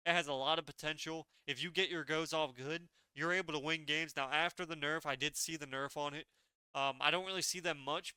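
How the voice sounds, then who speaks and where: A man's voice: fairly high pitch, sharp tone, clean tone, no room sound. A young man giving casual, blunt and opinionated tier-list commentary as a gaming video creator.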